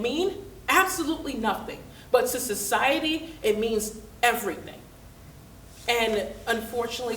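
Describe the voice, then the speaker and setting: A woman's voice: on the high side, roomy sound, far from the mic, slight background noise, poor audio. A woman in her thirties telling a candid, humorous personal story and acting out the dialogue.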